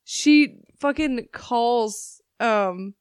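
A woman's voice: a little high, drawn-out words, clear, resonant tone, dry recording, clean studio sound. A young woman co-hosting a casual chat, telling stories with lots of swearing and acted-out quotes. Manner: animated storyteller, swears freely, acts out quotes.

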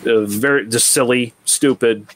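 A man's voice: medium pitch, fairly even intonation, normal speed. A man co-hosting a film review podcast, rambling in a laid-back way and swearing freely. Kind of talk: casual chat.

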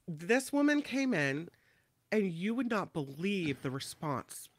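A man's voice: high-pitched, very animated, slow pace. A man co-hosting a show, chatting casually about the news and laughing easily. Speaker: show co-host.

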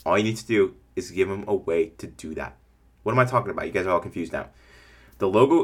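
A man with a fairly low voice hosts a casual coaching podcast for small-business owners. His delivery is energetic and rambling, and he often slips into the voices of imagined customers to make his points. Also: fairly quick. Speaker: podcast host.

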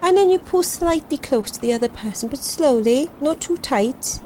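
A woman playing a kind, motherly woman adventurer who speaks gently and coaxingly, with little restarts. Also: high-pitched, lively intonation, normal speed, a little hiss or hum, voice pushed up, low-quality recording.

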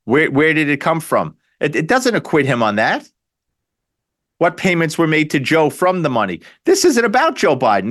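A man hosting a talk radio show, delivering an opinionated, sarcastic political monologue with frequent restarts. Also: a little high. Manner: animated, sarcastic, repeats himself and restarts.

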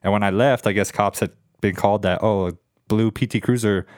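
A man's voice: lowish voice, steady tone, brisk, dry recording, studio quality. A man in his twenties telling a rambling, profane story in casual chat. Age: 20s.

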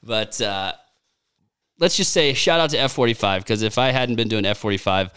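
Man co-host, thirties, low smooth voice, animated swearing storyteller, dry close mic. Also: normal speed, no room sound. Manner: animated storyteller, swears freely, acts out quotes. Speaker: podcast co-host. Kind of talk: casual golf podcast chat.

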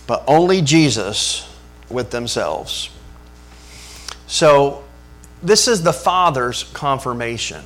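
A pastor delivering a sermon with animated energy, tossing rhetorical questions at his congregation. His voice sits a bit high for a man.

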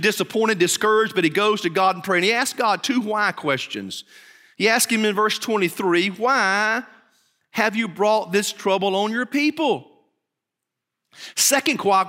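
A man preaching a sermon as pastor, emphatic, swinging between low, quiet stretches and high, urgent ones. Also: a little slow, big-room sound.

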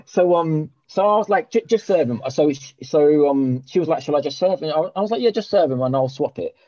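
A man, hosting a podcast and telling a long story in animated, sweary casual chat. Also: a little high, a little fast, no room sound, dull audio. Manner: animated, swears a lot, with many restarts and reported speech. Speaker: podcast host.

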